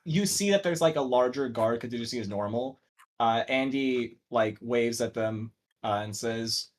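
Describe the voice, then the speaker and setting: Rambling young game master. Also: male voice, medium pitch, normal speed. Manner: rambling, full of fillers and restarts. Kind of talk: narrating a tabletop game, casual.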